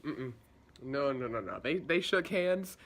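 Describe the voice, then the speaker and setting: A man's voice: mid-range voice, lively intonation, measured pace, fairly bright tone. A young man recapping and reviewing a show episode in a casual, sarcastic, chatty way, slipping into voices for quotes.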